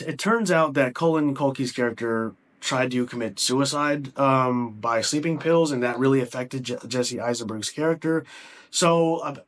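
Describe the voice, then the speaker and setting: Chatty man with a high-ish voice rambling. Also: fairly bright tone. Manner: rambling, filler-heavy, enthusiastic with frequent restarts. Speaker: movie reviewer. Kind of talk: casual spoken film review.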